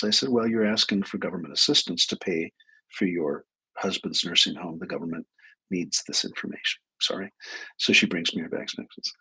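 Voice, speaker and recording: A middle-aged man with a husky, slightly low voice hosts a live advice stream. He tells stories from his clinical practice in a conversational way, breaking off for lively asides. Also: brisk. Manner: storytelling, animated asides. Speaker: host, clinician.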